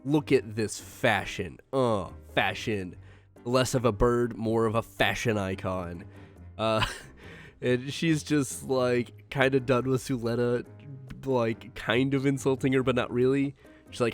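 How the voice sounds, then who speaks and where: A man's voice: medium pitch, slow pace, soft background music. A man hosting a casual anime episode recap, joking loosely with lots of fillers. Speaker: host.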